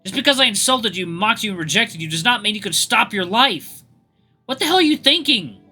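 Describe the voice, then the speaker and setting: A tearful, desperate young male hero, read aloud by a man. He pleads in an urgent, bright, raised voice. Faint music runs underneath. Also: sits high, very animated, fairly quick, full character voice. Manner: urgent, shouting pleas.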